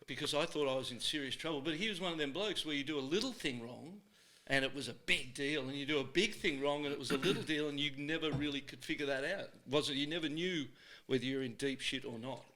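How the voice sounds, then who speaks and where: A middle-aged Australian man hosting a podcast in a studio, telling stories in a lively, casual way and often laughing. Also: on the high side, fast talker. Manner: lively yarn-spinner, laughs often, acts out voices in his stories. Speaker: podcast host. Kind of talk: casual storytelling chat.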